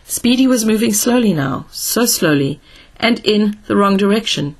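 A woman narrating a science fiction audiobook in a steady storytelling manner. Her voice is mid-pitched and somewhat husky and breathy. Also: normal speed.

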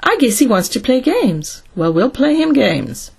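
An earnest, anxious young male engineer in a sci-fi audiobook, read by a woman. He explains things carefully, in a soft, slightly breathy voice. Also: a little high, very animated, measured pace, pitched above the performer's own voice, heavily acted.

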